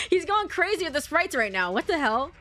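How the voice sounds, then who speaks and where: A woman's voice: high-pitched, moderate pace. A young adult woman streaming a game, chatting casually, swearing and reacting to the story. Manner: animated, swears and laughs often. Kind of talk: casual let's-play commentary. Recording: faint game music behind.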